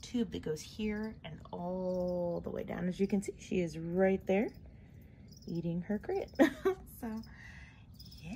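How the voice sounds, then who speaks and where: A woman's voice: lowish voice, takes it slowly, pauses often, mellow, slight background noise. A woman hosting a casual vlog about her pet tarantulas, chatty and gushing as she talks to her spiders, with trailing fillers. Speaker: tarantula keeper vlogger.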